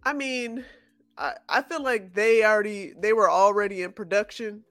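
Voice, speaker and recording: A podcast co-host in casual chat, answering with short affirmations and relaxed, drawn-out remarks. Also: medium pitch, no room sound, clean studio sound, faint music behind.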